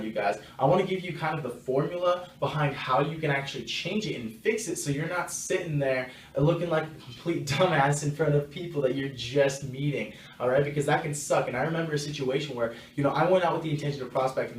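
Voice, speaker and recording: A young man speaks at a brisk clip in casual, blunt vlog advice, acting out little bits of dialogue as he goes. His voice carries a roomy echo, picked up from some distance off the mic, with a faint hum of room noise behind it. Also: a little high. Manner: chatty, frank, acts out quoted dialogue. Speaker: network marketing vlogger. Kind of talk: casual direct-to-camera advice.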